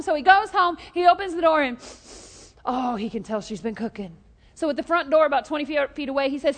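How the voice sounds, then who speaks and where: A woman's voice: high-pitched, animated, quick pace, in a large hall. A woman pastor preaching a sermon, telling jokes and stories and leading the congregation in call-and-response.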